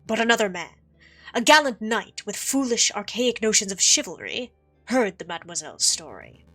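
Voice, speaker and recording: A woman's voice: mid-range voice, sing-song, moderate pace, fairly bright tone, faint music behind. A woman voicing a sly male fox con artist. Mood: storytelling. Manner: theatrical, silky and evasive. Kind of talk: reading game dialogue aloud.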